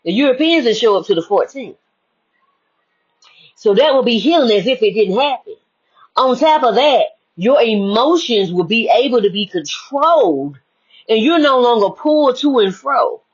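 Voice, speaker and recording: A woman's voice: on the high side, expressive, moderate pace, slightly rough, muffled recording. A woman speaking as a spiritual life coach in an emphatic, preachy monologue that repeats its key phrases.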